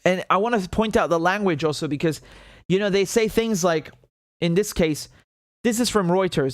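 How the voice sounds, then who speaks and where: A man hosting a live political commentary show, sounding heated and sarcastic and swearing freely. His voice sits fairly high for a man. The sound is close and dry, with no room around it. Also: moderate pace, no room sound.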